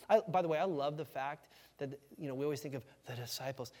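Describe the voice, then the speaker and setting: Casual high-pitched pastor guy, super animated, echoey church hall. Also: fairly quick, hardly any pauses. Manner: animated, conversational, acts out quoted voices with shouts. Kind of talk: sermon. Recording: hall reverb.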